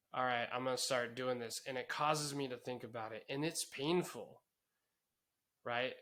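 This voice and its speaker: Candid man with a bright voice. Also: mid-range voice. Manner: candid, reflective, swears casually. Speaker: podcast co-host. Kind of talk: casual podcast chat.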